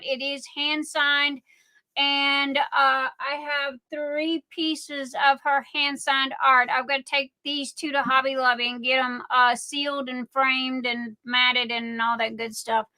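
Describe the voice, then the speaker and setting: A woman's voice: high voice, bright, forceful tone. A middle-aged woman with a Southern US accent, hosting a casual craft livestream and chatting in a rambling way with lots of fillers. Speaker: livestream host selling crafts. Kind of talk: casual live-stream chat.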